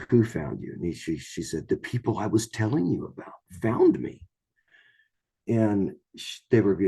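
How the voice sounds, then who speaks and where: A man with a low, husky voice tells a strange story in a loose, casual way. He stumbles, repeats himself and restarts sentences. He also slips into the voices of the people he quotes. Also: dark tone. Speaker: storyteller guest.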